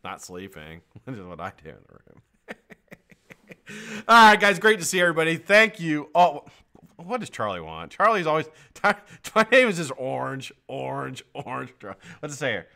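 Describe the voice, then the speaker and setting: A man's voice: fairly high pitch, wildly swooping pitch, normal speed, long pauses, sharp tone. A man hosting a casual live stream. He chats loosely, swears a lot and laughs often. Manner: profane, joking, laughs often. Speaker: livestream host.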